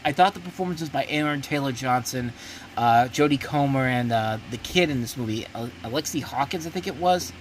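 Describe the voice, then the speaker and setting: A man talks through a casual, unscripted movie review at a middle pitch. He is blunt and emphatic, stumbles and restarts often, and jumps up in pitch when he gets worked up. Faint noise sits under the recording. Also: brisk. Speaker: host of a movie review show.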